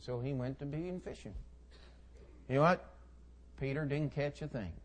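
Speaking at normal speed in a mid-range voice, a male preacher works through a scripture story with homespun asides, his volume swinging dramatically from soft to loud.

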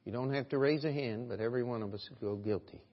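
A male pastor preaches earnestly and rhetorically, pressing listeners with question after question at a quick pace. His middle-pitched voice swings between hushed and loud, and the dull recording carries a long hall reverb.

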